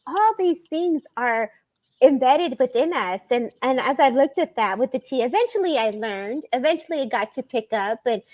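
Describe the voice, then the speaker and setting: A woman's voice: high voice, animated, normal speed, darkish tone, no echo. A woman hosting a live stream, talking bubbly and laughing often. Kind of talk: casual chat on a live stream. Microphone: video call.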